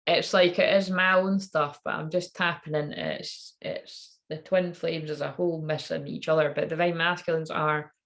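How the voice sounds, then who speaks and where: A woman's voice: deep voice, fairly even intonation, normal speed, creaky, few pauses, a bit bright. A woman in her thirties, a tarot reader, telling a candid personal story in a rambling, swearing way.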